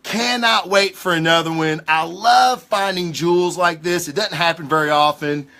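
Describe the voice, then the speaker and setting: A man hosting a casual livestream comic book review, talking in an excitable, rambling way with lots of swearing. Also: a little high, moderate pace. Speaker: comic book show host.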